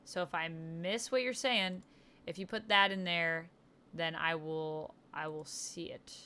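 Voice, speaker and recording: With a lowish, bright and forceful voice, a woman hosts a relaxed livestream, speaking steadily and a little slowly over faint background noise. She's excited about comics and answers viewer comments after reading them out.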